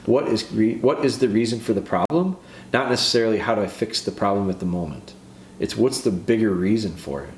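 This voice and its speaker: A man with a lowish voice talks through dog training like a casual podcast host, earnest and given to restarting his sentences. He sounds like he is in an echoey room, with a faint hiss of noise behind him. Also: a little fast. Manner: earnest, repeats and restarts phrases.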